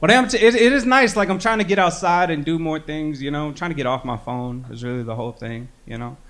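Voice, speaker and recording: A man's voice: on the high side, fast talker, fairly bright tone. A young man doing a stand-up set on a club stage, talking in a loose, self-deprecating way with lots of "you know". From American Midwest. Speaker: stand-up comedian. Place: comedy club stage with audience.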